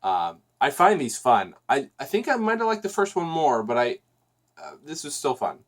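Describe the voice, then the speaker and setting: A man's voice: mid-range voice, wildly swooping pitch, normal speed. Chatty man rambling through a podcast review. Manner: rambling, chatty, frequent restarts and fillers. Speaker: podcast host. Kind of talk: casual solo podcast review.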